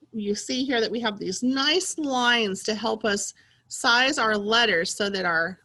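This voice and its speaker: A woman teacher leading a slow, clearly spoken early reading lesson for young children, with exaggerated excited reading of practice sentences. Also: mid-range voice.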